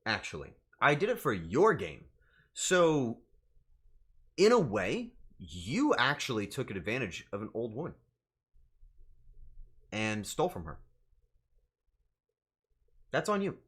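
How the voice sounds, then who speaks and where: A man's voice: medium pitch, fairly bright tone, slightly rough. A male streamer in casual live-stream chat, flustered and swearing as he banters with his chat.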